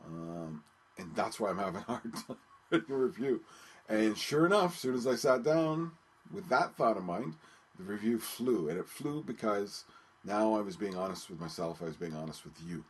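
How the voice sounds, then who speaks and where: A man hosting his own podcast, talking casually and haltingly with many ums and restarts. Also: on the low side, lively intonation, breathy edge. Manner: rambling, hesitant, many ums and repeated words. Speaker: podcast host. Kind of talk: casual solo radio-show talk.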